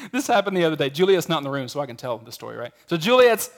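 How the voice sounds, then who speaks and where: A man's voice: on the high side, big pitch swings, fast talker. A middle-aged man preaching a sermon in a conversational way, telling stories and acting out quotes. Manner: conversational, storytelling with acted quotes. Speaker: pastor.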